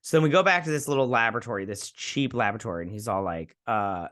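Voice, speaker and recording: A man's voice: on the low side, fast, fairly bright tone. A man casually recapping and reviewing a TV episode, acting out the characters' lines and rambling with lots of fillers and restarts. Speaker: show reviewer.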